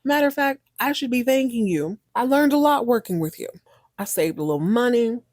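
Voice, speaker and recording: A woman's voice: a little high, animated, brisk, darkish tone, dry recording, studio quality. A woman voicing a bold businesswoman who taunts her rival in a smug, sassy way. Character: bold, breezy businesswoman cashing in on revenge.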